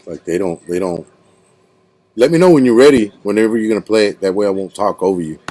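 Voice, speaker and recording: A man's voice: on the low side, animated, quick pace, dark tone. A man hosting a casual podcast interview, rambling and slangy, calling his guest bro and dude. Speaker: podcast host.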